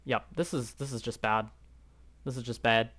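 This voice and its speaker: A man's voice: medium pitch, fairly even intonation, normal speed, a bit bright. A young man commenting on his own geography guessing game, rambling and unsure, thinking aloud with lots of fillers. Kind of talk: live gameplay commentary.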